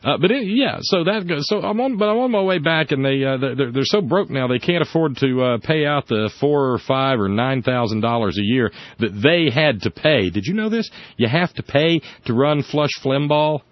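A sardonic man rambles through casual political chat at an average pitch, often restarting his sentences. The recording is dull and lo-fi, with a dry, close sound and no room around the voice. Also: expressive, moderate pace, hardly any pauses, dry recording. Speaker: podcast host.

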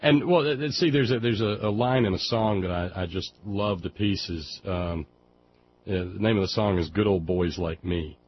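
A man's voice: sits low, moderate pace, slight background noise. A man hosting a radio talk show, chatting casually with a caller and often stammering and restarting his sentences. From Alabama. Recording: muffled lo-fi radio broadcast.

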